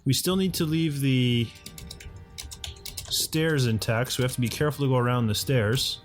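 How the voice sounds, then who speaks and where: A man's voice: mid-range voice, moderate pace, soft background music. Chatty man narrating his gameplay. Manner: chatty, talks to himself and his game characters. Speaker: let's play host. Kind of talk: casual gameplay commentary. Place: home condo.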